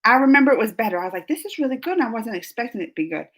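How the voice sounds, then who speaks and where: A woman's voice: a little high, animated, rapid-fire, poor audio. A woman hosting a casual live chat with viewers, rambling and laughing as she answers their comments. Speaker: live-stream host.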